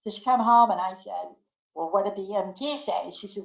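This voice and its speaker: An older woman spins homey anecdotes with gusto, her voice mid-pitched and lively as she acts out what everyone said. She laughs easily between lines. The sound carries the echo of a bare room. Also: quick pace, gravelly. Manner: animated storyteller acting out quotes, laughing often. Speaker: guest. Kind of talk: casual storytelling interview.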